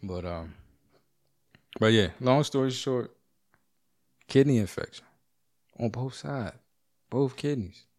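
A middle-aged man at home telling a story in a casual monologue, animated, swearing and acting out other people's lines. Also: mid-range voice, slow, long pauses.

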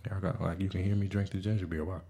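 A man's voice: sits low, level tone, fast, mellow, breathy edge. A man hosting a podcast, rambling casually with stammering restarts, cynical and self-deprecating, swearing now and then. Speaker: podcast host.

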